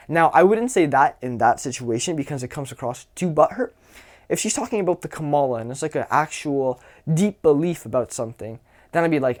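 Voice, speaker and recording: A young man with a somewhat high voice talks through dating advice in a relaxed, unscripted way. He swears freely and keeps slipping into quoted lines from his own stories. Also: a little fast. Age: young adult. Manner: loose and profane, acts out anecdotes with quoted voices. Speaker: social skills coach. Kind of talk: casual advice monologue.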